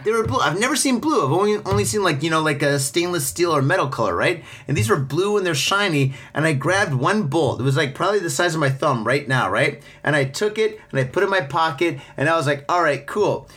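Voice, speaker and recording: A man hosting a casual podcast, telling stories in a loud, profane, animated way and acting out other people's voices. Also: fairly high pitch, quick pace, hardly any pauses, slightly rough. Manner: profane, animated storyteller who acts out voices. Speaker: podcast host. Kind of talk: casual chat.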